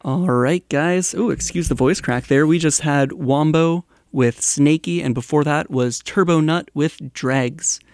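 A young man hosting a college radio show, chatting casually with a guest musician and reading a public service announcement, with relaxed fillers and hesitations. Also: medium pitch, smooth, dry recording.

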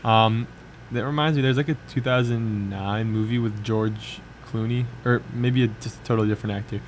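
On a college radio show, a young male co-host rambles through casual chat, filling gaps with "like" and letting sentences trail off. He speaks at normal speed in a low-ish, steady voice, with slight background noise present.

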